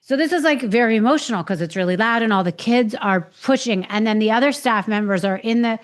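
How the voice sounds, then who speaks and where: A woman's voice: fairly high pitch, fairly quick. A woman podcast host frankly recounting her own experiences, swearing freely and acting out what others said to her. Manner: frank, swears freely, retells with quoted voices. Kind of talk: candid personal storytelling.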